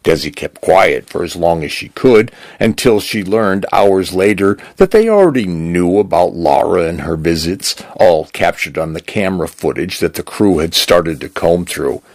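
Deep gravelly male storyteller. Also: animated, normal speed, hardly any pauses, no room sound. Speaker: narrator. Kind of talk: scripted narration.

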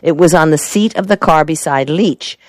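A shrewd male lawyer, as a woman narrator reads him lays out facts briskly and calmly. The voice is low and the sound dry. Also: no echo, lightly acted. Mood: matter-of-fact.

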